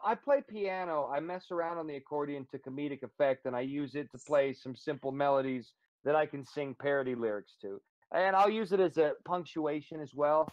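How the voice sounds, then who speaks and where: A man's voice: a little high, dry recording, muffled recording. Chatty comedian man, dry close sound. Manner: animated storyteller, rambling with fillers. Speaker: stand-up comedian guest. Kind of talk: casual interview chat.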